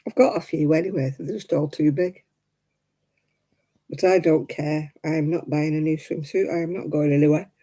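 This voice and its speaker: A woman's voice: sits low, steady tone, normal speed, mellow, poor audio. A middle-aged woman, hosting a homely livestream and chatting with viewers while she crochets. She laughs often and counts her stitches aloud. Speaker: livestream host. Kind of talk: casual chat while crocheting, answering viewers.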